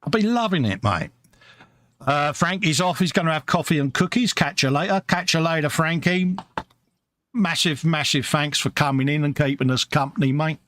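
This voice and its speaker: A man's voice: on the high side, normal speed, a bit bright. A British man co-hosting a casual live stream from his hobby workbench, chatting and reading viewer comments aloud, calling everyone mate. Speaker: live show co-host.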